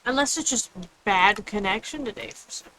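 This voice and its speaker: Woman, gaming streamer, bright tone, chatty and rambling, faint background noise. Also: mid-range voice, expressive, moderate pace, poor audio. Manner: chatty, rambling, reads chat aloud. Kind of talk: casual gameplay chat. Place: home room with others nearby.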